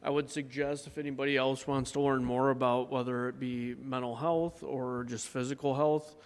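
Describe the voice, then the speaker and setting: A man's voice: mid-range voice, little pitch movement, moderate pace. A man hosting a campus event, giving casual closing remarks with some fillers. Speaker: event host. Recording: long reverb of a large room.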